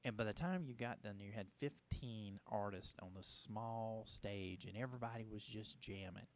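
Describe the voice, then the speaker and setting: A man from Louisiana, hosting a radio interview in a halting, rambling way. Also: lowish voice. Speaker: host. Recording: radio broadcast.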